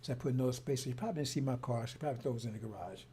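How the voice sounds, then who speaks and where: A man's voice: mid-range voice, very fast, warm tone, a little hiss or hum. A man telling a story and ranting in a heated, rambling way, repeating himself often. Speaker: broadcaster. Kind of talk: casual monologue.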